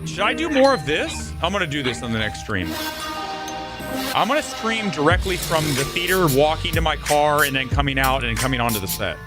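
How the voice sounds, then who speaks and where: Male live-stream host; rambling, profane banter; animated pitch. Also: brisk, over loud music. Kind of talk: live-stream movie talk.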